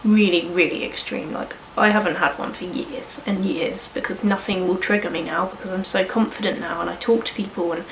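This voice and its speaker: A woman's voice: fairly low pitch, steady tone, brisk, hardly any pauses, a bit bright, roomy sound, slight background noise, low-quality recording. A woman in her early twenties with a cold, vlogging in a frank, rambling way and swearing casually. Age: early 20s. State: sniffly with a cold. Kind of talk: candid personal vlog.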